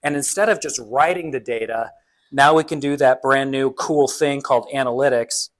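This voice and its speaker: A man's voice: medium pitch, normal speed, rough recording. A man giving a casual, jokey conference presentation who talks conversationally and acts out what other people say. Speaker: conference speaker.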